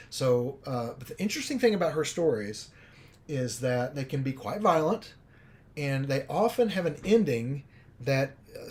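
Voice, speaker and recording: A man, a film director, talking casually on a livestream and telling a story in a rambling, animated way with many fillers. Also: medium pitch.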